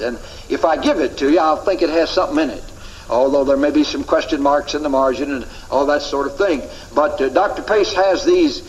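A man's voice: fairly high pitch, poor audio. A man teaching a Bible class, emphatic, repeating key phrases and asking rhetorical questions.

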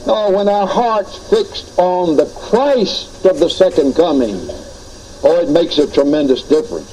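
A man's voice: high voice, measured pace, dark tone, a little hiss or hum, rough recording. A man preaching a teaching sermon on doctrine, earnest and explanatory, often retelling anecdotes.

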